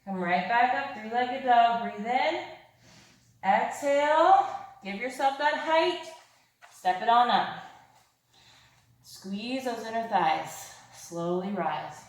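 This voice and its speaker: A woman's voice: a little high, expressive, slow pace, pauses often. Breathless woman leading yoga. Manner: upbeat, encouraging, breathy cues. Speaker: yoga instructor. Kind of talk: guided yoga class cues. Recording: very echoey room.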